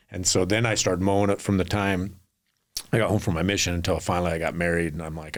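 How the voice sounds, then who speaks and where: A middle-aged man with a low, deep voice, a guest on a podcast. He tells long, rambling stories and slips into the voices of the people in them. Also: level tone, fast. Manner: rambling anecdotal storyteller, acts out quotes. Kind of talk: storytelling in a podcast interview.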